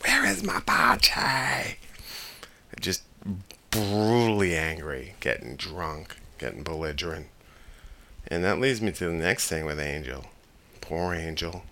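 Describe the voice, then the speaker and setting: Gravelly low-voiced man chatting about films. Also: a little slow. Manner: enthusiastic, laughing, quotes lines loudly. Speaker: podcast host. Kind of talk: casual film commentary.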